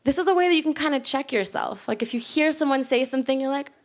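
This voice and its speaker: A woman's voice: sits high, lively intonation, fast talker. A young American woman giving a casual public talk on linguistics to a live audience, chatty and laughing often. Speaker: linguistics speaker. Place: library event space with live audience.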